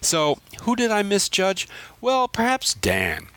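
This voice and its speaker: A man from Louisiana, a caller, reading out his prepared episode commentary in a wry, animated way. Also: high-pitched, slow pace, clean tone, no room sound.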